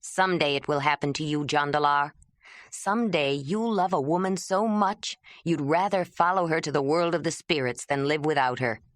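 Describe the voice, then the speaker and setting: A woman's voice: low-pitched, normal speed, dry recording, studio quality, natural voice. Woman voicing a grieving young man. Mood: grieving, defiant. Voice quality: pleading, emotional. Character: proud young man, grieving, restless wanderer.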